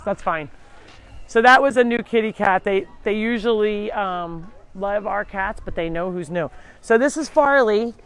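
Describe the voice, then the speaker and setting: Brief: a chatty woman hosting a live farm tour, mid-pitch, talking to viewers and calling to her animals as she walks. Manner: chatty, talks to the animals while touring. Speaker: animal sanctuary host. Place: farm, walking between buildings.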